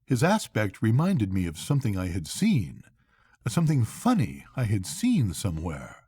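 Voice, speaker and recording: An older man, a grandfather, reading a classic novel aloud to his grandchildren at bedtime in an unhurried, expressive way. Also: on the low side, breathy edge, dry recording, clean studio sound.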